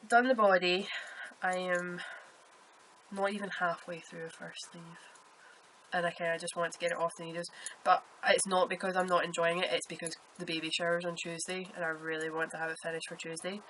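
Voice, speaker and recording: A Scottish-accented woman hosts a casual podcast, talking in a fairly low yet bright, forceful voice. She rambles happily through her stories. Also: little pitch movement, normal speed, slight background noise, poor audio. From Scotland. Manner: chatty rambling storyteller. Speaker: podcast host. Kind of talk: casual chat.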